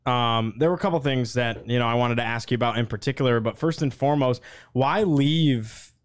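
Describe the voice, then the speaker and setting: Smooth-voiced male podcast host. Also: mid-range voice, fairly quick. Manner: relaxed questioner with fillers. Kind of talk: casual podcast interview.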